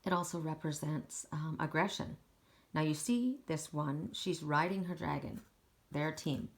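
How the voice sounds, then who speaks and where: A woman with a lowish voice reads oracle cards in a relaxed, chatty way. She is emphatic and encouraging and urges listeners to stand their ground. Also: unhurried, creaky. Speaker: oracle card reader. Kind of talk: casual spiritual card reading.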